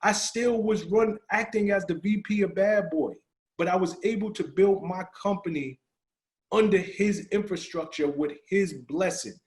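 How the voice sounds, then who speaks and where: Middle-aged guy on a podcast telling a story, lively, acts out what people said, voice sits a bit high. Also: normal speed. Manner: animated, acts out quoted dialogue. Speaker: podcast guest. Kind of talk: storytelling in a casual interview.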